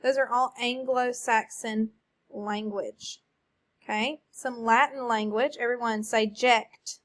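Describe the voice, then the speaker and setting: Lady teacher doing a kids phonics drill, slow call and response, kinda high voice. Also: flat delivery, a bit bright. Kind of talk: recorded phonics lesson for children.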